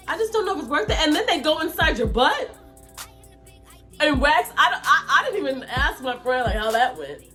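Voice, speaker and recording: A woman's voice: high-pitched, big pitch swings, normal speed, sharp tone, faint music behind. A woman vlogger telling a story to camera in a casual way, laughing often and restarting her sentences.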